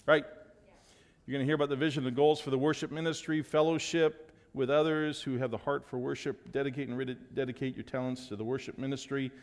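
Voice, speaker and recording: A man with a voice of ordinary pitch leads a church's announcements in a loose, joking way, with plenty of fillers. His voice carries a long reverb from the big sanctuary around him. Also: little pitch movement, brisk. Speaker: pastor giving church announcements. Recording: long reverb of a large hall.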